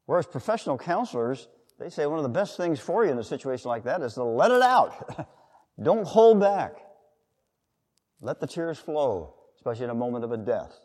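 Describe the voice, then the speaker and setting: Preacher in a long-reverb hall. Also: male voice, medium pitch, very animated, moderate pace, darkish tone. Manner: conversational, with acted-out quotes and asides. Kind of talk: sermon.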